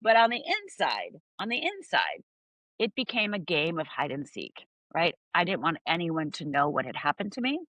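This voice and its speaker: A middle-aged woman from Upper Michigan tells her story as an interview guest. She brings each moment to life and acts out the voices. Her voice is bright and sharp, recorded dry and close. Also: low voice, sing-song, normal speed, no echo, low-quality recording.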